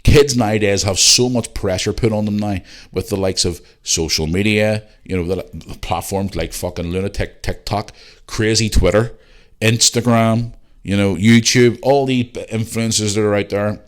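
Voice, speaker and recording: Very low-voiced man ranting as host. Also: normal speed. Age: 40s. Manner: ranting, swears freely, emphatic repetition. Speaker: podcast host. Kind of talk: opinionated casual monologue.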